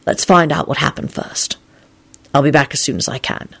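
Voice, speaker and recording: A quiet, tired middle-aged man, put on by a woman narrating a story. He speaks low and steady, with a wry calm. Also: moderate pace, husky, full character voice.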